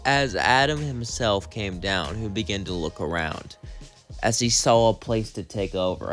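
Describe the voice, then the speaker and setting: A young man narrating a fan story for his channel in a loose, chatty way. His voice is mid-pitched and lively, and he rambles with small giggles. Quiet music plays behind him. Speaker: channel host.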